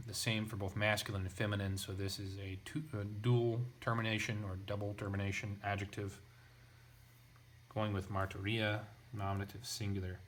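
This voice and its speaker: Low-voiced man thinking aloud over Greek text. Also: fairly bright tone, slight background noise. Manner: thinking aloud, hesitant, many restarts and asides. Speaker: Greek language teacher. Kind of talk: casual lesson.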